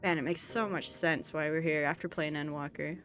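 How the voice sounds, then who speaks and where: A woman's voice: low-pitched, fairly even intonation, fairly quick, fairly bright tone, faint music behind. A woman hosting a let's play, chatting casually and giggling while reading game lines. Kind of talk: casual gaming commentary. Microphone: USB condenser mic.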